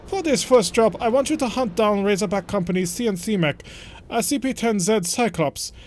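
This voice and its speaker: A man reading a brisk mission briefing officer. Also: high-pitched, animated, darkish tone, slight background noise, pitched above the performer's own voice.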